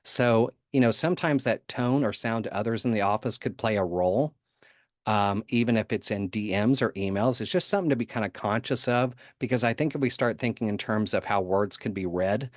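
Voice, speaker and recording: Low-voiced man giving a joking conference talk. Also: brisk, dry recording, studio quality. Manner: humorous, conversational, laughs often; puts on voices for quotes. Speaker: conference speaker.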